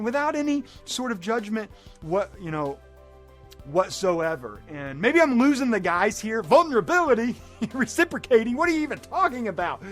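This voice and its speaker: A middle-aged man speaks as a life coach in a high, light voice. His motivational talk is animated, and he keeps breaking into excited acted-out moments. Faint music plays underneath. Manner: animated, acts out scenes in excited bursts.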